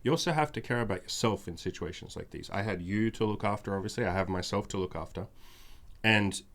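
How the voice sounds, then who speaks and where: A man with a lowish voice tells a personal story in a casual podcast chat. He talks frankly and emphatically. He circles back on phrases to drive a point home. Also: quick pace, creaky, a bit bright. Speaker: podcast host.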